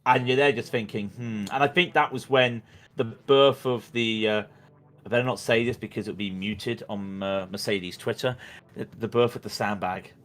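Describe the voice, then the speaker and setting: A man's voice: on the low side, steady tone, moderate pace, fairly bright tone. A man commentating on a sim race in casual chat, rambling and joking with plenty of stammered restarts.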